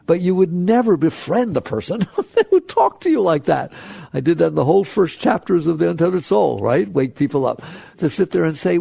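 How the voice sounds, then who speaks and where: A man's voice: sits high, creaky, warm tone, slightly rough, no echo. A man giving an earnest spiritual talk to an audience, an author and teacher who asks frequent rhetorical questions.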